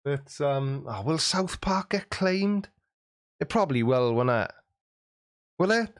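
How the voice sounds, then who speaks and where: A man's voice: medium pitch, expressive, unhurried, no echo, clean studio sound. A man hosting a live stream, casually reading out viewer comments with cheeky jokes and frequent laughs. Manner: jokey, cheeky, laughs often.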